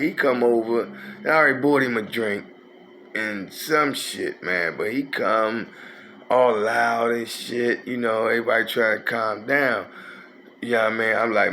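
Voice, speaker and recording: A man's voice: mid-range voice, normal speed, sharp tone, slight background noise. A man, telling a rambling, profane street story in a casual way. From North Philadelphia. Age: 50s.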